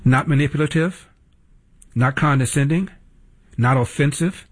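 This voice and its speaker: A man's voice: mid-range voice, moderate pace, pauses often, slightly rough. A man hosting talk radio, delivering indignant, mocking commentary.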